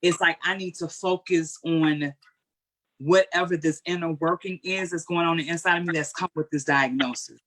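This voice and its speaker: Earnest, candid woman with a lowish voice. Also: moderate pace. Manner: earnest, candid, colloquial, animated storytelling. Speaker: guest speaker. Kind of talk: heartfelt conversational interview answer.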